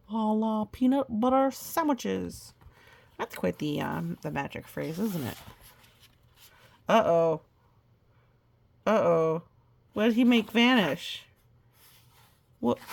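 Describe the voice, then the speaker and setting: A woman's voice: medium pitch, expressive, takes it slowly, vocal fry, pauses often, darkish tone. A woman reading a children's picture book aloud, adding chatty, playful asides. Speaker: storybook reader.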